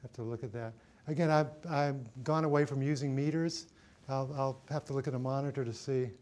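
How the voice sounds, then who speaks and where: A man's voice: medium pitch, fairly even intonation, fairly quick, a little mellow. A middle-aged man teaching a cinematography workshop, thinking aloud with many fillers and restarts as he sets lights in a studio. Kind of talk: hands-on lighting demonstration.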